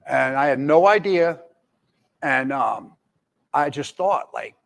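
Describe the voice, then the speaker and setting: A man's voice: mid-range voice, animated, measured pace, creaky, pauses often, fairly bright tone. A man in his forties telling his own recovery story candidly, rambling with many fillers and restarts. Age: 40s. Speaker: speaker in recovery. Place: jail, indoors.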